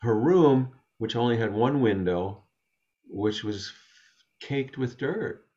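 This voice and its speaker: A man talking in a gentle, thoughtful way, telling a story as a guest in a conversation from his home study. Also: mid-range voice, expressive, takes it slowly, dull audio. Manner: gentle, thoughtful, with frequent restarts. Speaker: interview guest.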